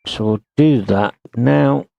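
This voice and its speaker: A man talks his way through a building game at an unhurried crawl, half to himself. His voice has a gravelly edge. The room is dry, with no echo. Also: mid-range voice, dark tone, lo-fi sound. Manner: slow, muttering to himself while working. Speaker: streamer. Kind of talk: casual gameplay commentary.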